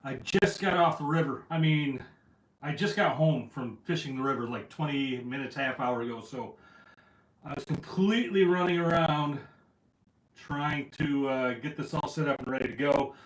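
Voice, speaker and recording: A man's voice: on the high side, normal speed. A man hosting a casual fishing livestream from home, a little out of breath, greeting viewers by name. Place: at home indoors. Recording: roomy echo.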